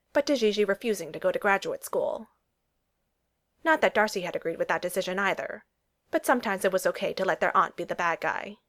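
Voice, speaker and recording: A woman reading a romance story aloud as an audiobook narrator. Her storytelling is steady and even, keeping a smooth, measured flow through the narration. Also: medium pitch.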